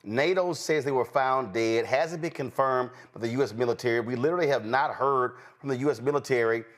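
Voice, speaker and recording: A man's voice: mid-range voice, fairly quick. A man hosting a political talk show, speaking indignantly and emphatically, often stammering as he restarts sentences.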